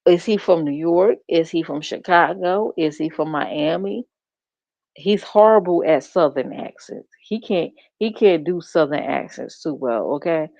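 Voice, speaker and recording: A woman's voice: lowish voice, creaky, a little mellow, no echo. A woman streamer giving blunt, profane gossip commentary, mocking as she talks and laughing often. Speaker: reaction streamer. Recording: dull muffled stream audio.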